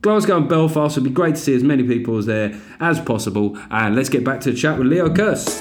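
A man's voice: mid-range voice, expressive, fast. Chatty self-mocking male podcast host. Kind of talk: casual podcast chat.

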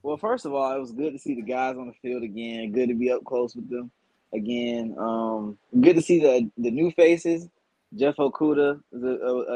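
A man guest on a podcast, giving measured sports analysis in casual chat and thinking aloud as he goes. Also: mid-range voice, darkish tone, dry recording, poor audio.

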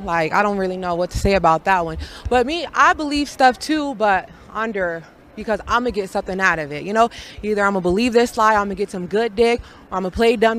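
Brash, boastful woman interviewee, bright and sharp. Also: mid-range voice. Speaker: street interviewee. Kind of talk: casual street chat.

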